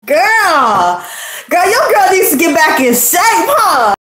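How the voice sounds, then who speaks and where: A woman's voice: very high-pitched, big pitch swings, a little slow, echoey room, noisy background. A woman hosting a tarot livestream, chatting casually in a brash, profane, slangy way and out of breath.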